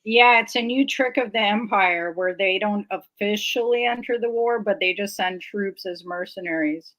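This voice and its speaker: A woman's voice: medium pitch, normal speed, fairly bright tone, muffled recording. A woman co-hosting a casual political livestream, earnestly making her case point by point. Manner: earnest and argumentative, builds points in a row. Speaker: livestream co-host.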